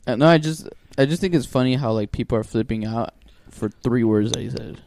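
A man with a gravelly, mellow voice throws in blunt, profane jokes during casual podcast chatter. His delivery is laughing and offhand. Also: medium pitch, fairly quick, slight background noise. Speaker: podcast co-host. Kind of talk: casual chat among friends.

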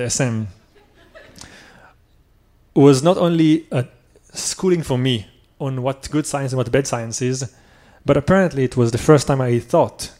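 A man's voice: medium pitch, darkish tone. A man telling a personal story on stage at a live show, earnest and self-critical.

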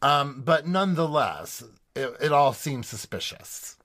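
A man's voice: fairly high pitch, animated, unhurried, a bit bright. Man steadily recapping an episode. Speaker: podcast host. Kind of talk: casual recap chat.

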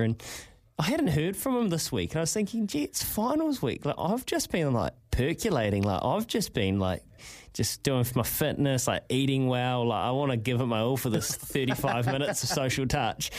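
A young man, co-hosting radio and telling a story in casual chat, filling his talk with "like". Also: medium pitch. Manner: chatty, lots of "like". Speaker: radio co-host.

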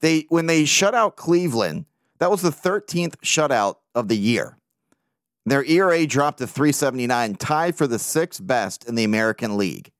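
A man hosting a casual sports podcast, talking as an excited, profane fan with lots of energy. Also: mid-range voice, normal speed, dry recording, clean studio sound. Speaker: podcast host.

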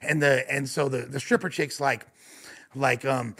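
A man telling a long, profane story on a podcast, animated, with lots of fillers and restarts. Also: mid-range voice, moderate pace. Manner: animated, swears a lot, many fillers and restarts.

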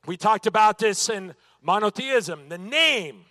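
A man's voice: sits high, animated, a little slow, pushed and bright, dry recording. A man teaching a church Bible lesson, emphatic and dotted with "amen" and rhetorical questions.

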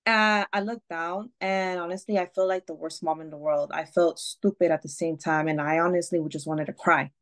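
A woman's voice: on the low side, steady tone, normal speed, hardly any pauses, fairly bright tone. A woman guest on a podcast, telling a personal story candidly, with swearing, fillers and restarts. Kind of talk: casual storytelling.

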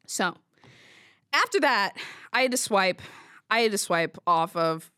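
A woman's voice: mid-range voice, a little slow, sharp tone, clear, resonant tone, dry recording, clean studio sound. A young woman hosting a podcast, telling a story in casual chat, laughing and swearing as she goes. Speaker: podcast host.

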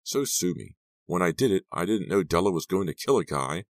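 A man's voice: sits low, animated, brisk, dry recording, studio quality, voice pushed up. A man doing a sheepish prankster teen boy.

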